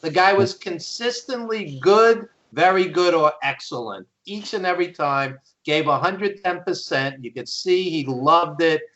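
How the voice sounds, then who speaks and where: A man's voice: a little high, unhurried, few pauses, a bit bright, highs cut off. Emphatic fifty-something male co-host. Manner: emphatic, speaks as a fan. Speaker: podcast co-host. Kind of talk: casual podcast chat.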